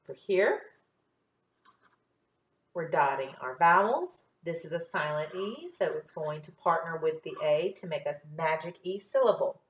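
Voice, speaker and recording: Slow, careful woman phonics teacher. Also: sits low, animated, reverberant. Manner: slow, careful sounding out of syllables. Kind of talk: phonics lesson for children.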